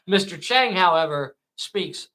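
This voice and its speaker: A man whose first language is not English, narrating a tabletop miniatures game with slow, dramatic play-by-play. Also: sits high, lively intonation, bright, forceful tone.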